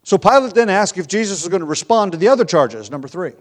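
A man teaching a Bible study, talking in a relaxed, conversational way with frequent pauses and restarts. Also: sits high.

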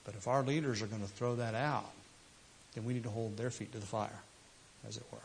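A man's voice: fairly low pitch, steady tone, fairly quick, slight background noise. A man preaching a sermon, emphatic and full of rhetorical questions. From United States. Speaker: pastor.

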